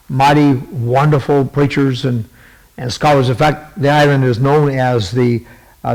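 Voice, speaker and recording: A man with a gravelly, mid-range voice hosts his own talk podcast. He rambles through casual commentary, stopping and restarting often and filling gaps with "uh" and "um." He is holding back a cough. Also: mid-range voice, poor audio. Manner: meandering, many fillers and restarts. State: fighting a cough. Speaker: podcast host.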